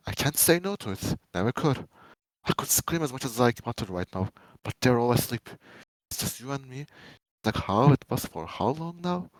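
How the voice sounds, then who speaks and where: A man giving a dramatic reading of fan fiction, a first-person monologue, swinging between menacing loud lines and hushed pleading ones. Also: mid-range voice, dry recording, poor audio.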